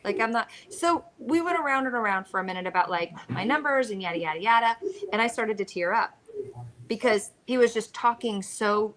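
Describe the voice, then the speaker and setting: A woman in her thirties with an American accent, co-hosting a casual live chat and telling a story with lively acted-out quotes. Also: mid-range voice. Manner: animated storyteller, acts out quoted lines. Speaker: co-host of a reseller live chat.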